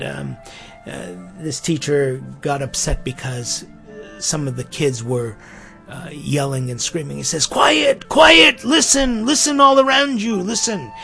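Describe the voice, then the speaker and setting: A man's voice: medium pitch, creaky. A man hosting a podcast, reflecting earnestly on faith and spirituality in a musing way, often restarting his sentences. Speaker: podcast host.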